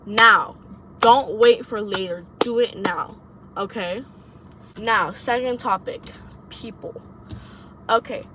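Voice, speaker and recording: A woman's voice: fairly high pitch, background noise. A young woman vlogging advice to camera from a parked car, blunt, rambling and profane. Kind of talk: casual monologue to camera.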